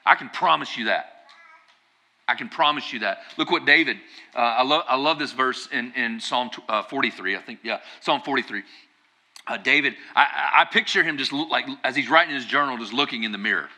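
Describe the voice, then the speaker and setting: A man's voice: medium pitch, fairly quick, pushed and bright. A man preaching a conversational sermon as pastor, building to emphatic bursts.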